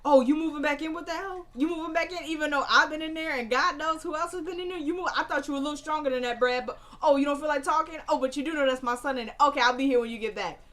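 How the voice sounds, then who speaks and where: A woman's voice: fast talker, few pauses. A woman voicing a smug grown man who mockingly taunts another man, in a jeering tone during a recap of a TV drama. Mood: taunting. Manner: jeering, loud, high-pitched.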